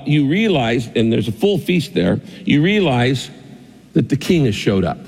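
Man preaching in a reverberant hall. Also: high-pitched. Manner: storytelling, vivid, repetitive phrasing. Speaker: pastor. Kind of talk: sermon.

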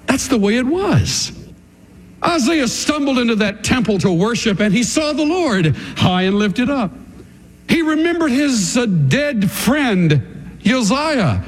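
Animated high-voiced preacher, slow and dramatic. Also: male voice. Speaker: pastor. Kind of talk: sermon.

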